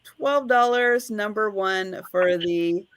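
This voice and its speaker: A woman's voice: medium pitch, takes it slowly, clear, resonant tone, dry recording. A woman hosting a live online vintage sale, chatting and counting down bids like an auctioneer. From United States.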